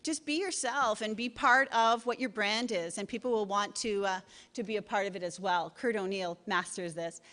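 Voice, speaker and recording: Woman doing a funny little talk, wry jokes, bright voice. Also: medium pitch, normal speed, few pauses, big-room sound. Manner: wry, joking asides. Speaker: presenter. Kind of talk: humorous short talk.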